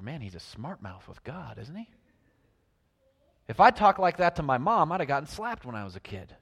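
A man's voice: on the low side, big pitch swings, moderate pace, vocal fry, long pauses. Preaching man in a reverberant hall. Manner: storytelling, swings from loud emphasis to hushed. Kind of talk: sermon.

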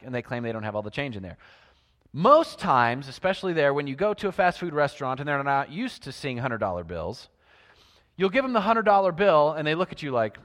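A man preaching a sermon, telling stories and swinging between loud emphasis and hushed lines. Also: on the high side, sing-song, a little fast, big-room sound.

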